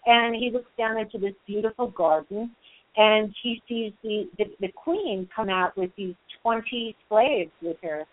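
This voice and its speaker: A woman's voice: mid-range voice, a little slow, dry recording. A woman retelling a fairy tale in casual spoken storytelling, with fillers, asides and quoted voices acted out. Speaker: Jungian storyteller. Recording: dry, tinny phone-like sound.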